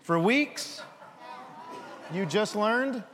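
A man giving a children's sermon, lively and full of questions for the kids. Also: high-pitched, extremely slow, big-room sound, some chatter behind. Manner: animated, asks children questions.

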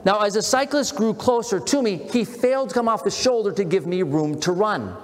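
A man preaching as a pastor, telling a story in an earnest, animated way. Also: high voice, a little fast, long reverb tail. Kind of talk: sermon.

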